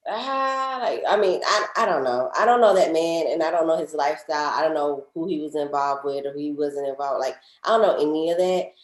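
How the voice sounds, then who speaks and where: Southern woman co-host, lowish voice, animated and laughing, roomy echo. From Georgia, US. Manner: chatty, laughs often, animated storytelling. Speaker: podcast co-host. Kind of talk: casual chat.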